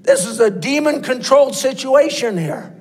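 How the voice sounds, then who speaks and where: A man with a high-pitched voice preaches with rising passion. He tells his story in a sermon style, often doubling back on his words and restarting phrases as he drives his point home. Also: animated, normal speed. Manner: impassioned, with frequent repeats and restarts.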